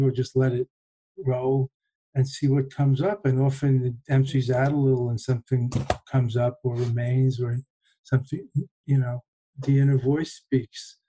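A man in a reflective conversation, speaking in a measured, thoughtful way and often pausing to find his words. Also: medium pitch, dark tone, poor audio.

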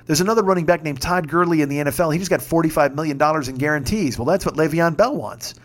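A man in his fifties telling a story in a casual podcast monologue, swearing freely and shouting when he gets worked up. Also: on the high side, fast talker. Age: 50s. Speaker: podcast host.

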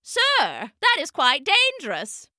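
A woman's voice: high-pitched, wildly swooping pitch, slow pace, sharp tone, no room sound, studio quality, full character voice. Woman doing a polite formal train dispatcher. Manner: polite, formal, matter-of-fact.

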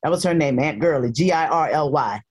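Older woman on a call, lowish voice, playful animated storyteller. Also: fairly quick, slightly rough. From North Carolina, raised in Harlem. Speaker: guest. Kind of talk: casual chat.

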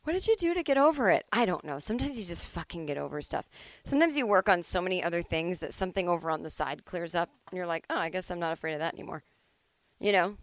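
A woman's voice: lowish voice, lively intonation, quick pace, no room sound. A woman in her forties from Massachusetts, hosting a solo comedy podcast from home, rambling and self-deprecating with lots of "like" and "I don't know". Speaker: podcast host.

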